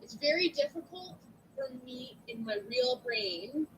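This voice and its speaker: A woman teacher with a big, loud voice gives an online lecture to students from her computer at home, speaking a little slowly on the computer mic. Her somewhat high pitch swings widely as she chats animatedly, asking "right?" again and again. The recording is low quality, with a faint hiss underneath.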